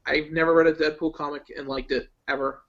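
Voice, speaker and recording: A man's voice: on the high side, little pitch movement, brisk, fairly bright tone. A man in casual chat as a guest, opinionated and rambling, with lots of ums and likes. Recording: lo-fi online call audio.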